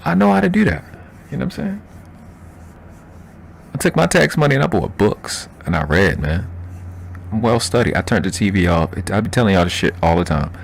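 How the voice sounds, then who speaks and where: A man's voice: on the low side, big pitch swings, brisk, gravelly, pauses often, a little hiss or hum. A man from Baltimore with a Baltimore accent, chatting casually and profanely on a livestream while answering chat. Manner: loose, profane, laughing, reading chat aloud. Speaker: livestream host.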